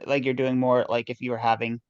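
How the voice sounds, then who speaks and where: A man's voice: mid-range voice, level tone, fairly quick, smooth, no echo. A man directing a rehearsal, giving notes to actors in a rambling way with many restarts. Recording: dull dry lo-fi sound.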